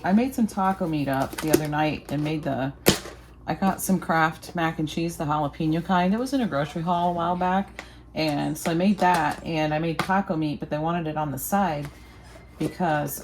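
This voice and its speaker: Low-voiced chatty woman vlogger. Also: noisy background. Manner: rambling, talkative, laughs often. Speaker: lifestyle vlogger. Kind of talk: casual chatty vlog.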